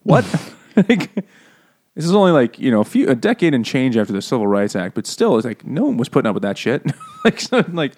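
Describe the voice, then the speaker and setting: A man's voice: medium pitch, brisk. A man in an average register retells a book's plot for his co-hosts. He swears freely and jokes as he talks. It is loose, boozy book-club banter. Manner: profane, joking, lively retelling of a plot. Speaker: podcast co-host. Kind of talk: casual book-club chat over beer.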